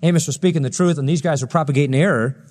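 A man's voice: a little high, rapid-fire, darkish tone, long reverb tail. A man preaching a sermon, acting out quoted lines with a raised voice between plain explanation. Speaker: pastor.

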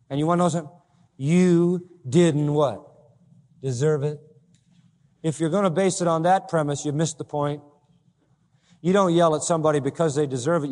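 A pastor preaching a sermon, swinging between loud emphatic peaks and quiet low asides. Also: male voice, in a large hall.

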